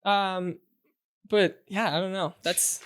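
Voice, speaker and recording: A man's voice: high voice, fairly even intonation, takes it slowly, a bit bright, smooth. Give me a young Canadian man co-hosting a podcast, chatty and loose, full of fillers. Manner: easygoing, lots of "like" and "yeah". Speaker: podcast co-host. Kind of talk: casual chat.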